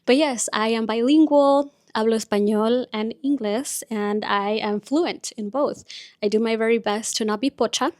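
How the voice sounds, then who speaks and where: A woman's voice: fairly high pitch, normal speed, darkish tone, dry recording, studio quality. A young woman whose first language is Spanish, hosting her podcast in a chatty, confiding way, often saying "like" and "you guys". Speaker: podcast host. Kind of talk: casual chat.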